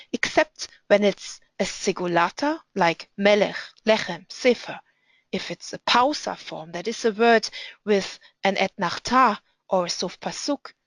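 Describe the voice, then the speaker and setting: A woman's voice: medium pitch, dry recording, rough recording. Woman teaching Hebrew pronunciation, dry sound. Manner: patient, deliberate, reads Hebrew aloud slowly. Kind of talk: instructional explanation with reading examples.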